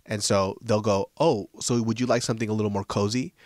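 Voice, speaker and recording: A man co-hosting a comedy podcast, telling stories in a profane, animated way and acting out the people in them. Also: lowish voice, brisk, dry recording, clean studio sound. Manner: profane, animated storytelling, acts out other people. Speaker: podcast co-host. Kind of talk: casual comedy podcast chat.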